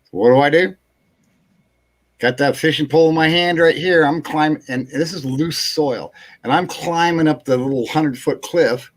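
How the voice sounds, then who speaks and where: A man's voice: fairly high pitch, moderate pace. A man hosting a casual live chat show, telling a long rambling anecdote, chuckling and acting out what people said. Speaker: host.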